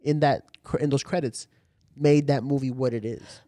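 A man's voice: medium pitch, steady tone, moderate pace, warm tone, no room sound, clean studio sound. A man co-hosting a casual podcast, laid back and agreeable, swearing now and then. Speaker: podcast co-host.

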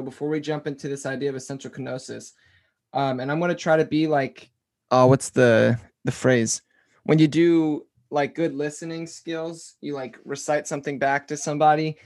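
A man hosting a casual interview, relaxed, summarizing the guest's ideas back with filler words. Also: a little high, normal speed. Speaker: podcast host.

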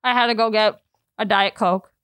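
A woman's voice: medium pitch, steady tone, moderate pace, fairly bright tone, clear, resonant tone, no room sound, clean studio sound. A young woman co-hosting a podcast, talking dramatically and swearing freely. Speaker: podcast co-host. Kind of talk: casual chat.

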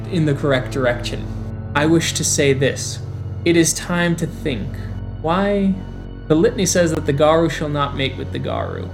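A player speaking as a cautious werewolf elder who reasons aloud and keeps posing questions to the council. The voice sits at a middle pitch, with faint music in the background. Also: close to an everyday voice. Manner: measured, persuasive, rhetorical questions. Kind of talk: in-character roleplay speech.

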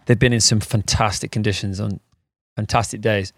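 A man's voice: fairly low pitch, moderate pace, no echo. Rambling man hosting a podcast. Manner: rambling, animated, laughs often. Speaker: podcast host. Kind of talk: casual chat. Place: outdoors in a garden.

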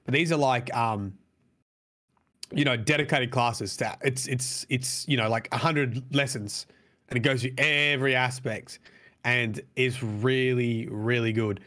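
A man's voice: medium pitch, fairly even intonation, unhurried, sharp tone. A man co-hosting a casual chat. He rambles, swears freely and fills gaps with "um" and "like". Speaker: podcast co-host.

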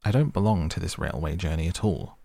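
A man's voice: sits low, fairly quick, gravelly, warm tone, no echo, clean studio sound. A man voicing a polite, nervous young girl in a storybook. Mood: impatient. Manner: frightened, then impatient.

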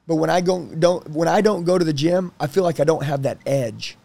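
A man in his thirties telling personal stories in a casual interview, blunt and animated, swearing freely. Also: a little high, brisk, vocal fry, no echo. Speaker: guest.

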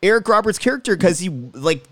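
A man talking casually on a podcast about a movie, with a lively voice that swings up and down in pitch. The sound is close and dry, with no room echo, as he speaks over a video call. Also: a little fast. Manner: chatty, animated commentary. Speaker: podcast co-host. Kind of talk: casual movie recap chat.

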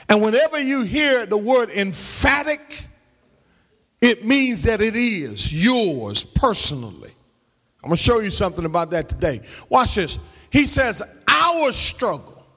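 A man preaching a sermon as pastor, calling out to the congregation and rising into shouts and half-sung lines. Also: sits high, in a large hall. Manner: call-and-response preaching, shouting and half-singing. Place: church sanctuary.

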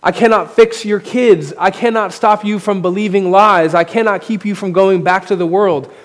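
In a church sanctuary, a pastor preaches through a podium mic, rising in emphasis as he builds his points and poking fun at himself frankly. He speaks steadily at a moderate pace in a voice a little above the usual male range, and the hall's reverb trails long.

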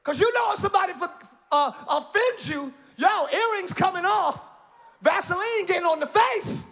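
A man preaching a sermon as pastor, moving between quiet asides and loud, rising shouts, with playful jokes to the congregation. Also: very high-pitched, animated, moderate pace, gravelly. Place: church sanctuary.

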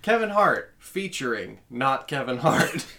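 Bright-voiced man, joking and profane. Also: mid-range voice, big pitch swings, a little slow, gravelly. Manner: joking, profane, laughs often. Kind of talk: casual podcast chat.

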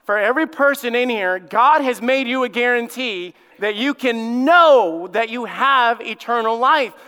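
A man's voice: very high voice, pushed and bright, smooth. Emphatic man preaching in a reverberant church. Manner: emphatic preaching with dramatic pauses and repetition. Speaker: lead pastor. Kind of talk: sermon. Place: church sanctuary.

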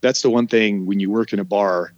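Animated male storyteller, dull dry sound. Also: lowish voice, brisk, no room sound. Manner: animated storyteller who acts out quoted voices. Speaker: guest telling his life story. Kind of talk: casual podcast conversation.

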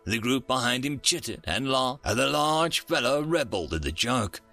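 A man narrating a science fiction story in a lively storytelling way. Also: mid-range voice, moderate pace, faint music behind.

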